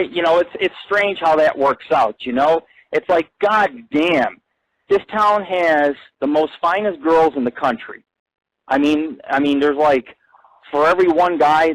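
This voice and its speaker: A young adult man hosting an internet radio show, telling profane, rambling stories and ranting with loud outbursts. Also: rough recording. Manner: crude, ranting, swings between low mutter and loud outburst. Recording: dry close-mic internet radio.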